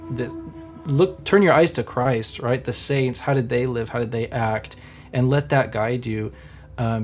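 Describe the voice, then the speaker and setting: A man's voice: medium pitch, a little hiss or hum. An Orthodox Christian man on a livestream panel, speaking earnestly and encouragingly, with lots of fillers. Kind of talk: casual livestream discussion.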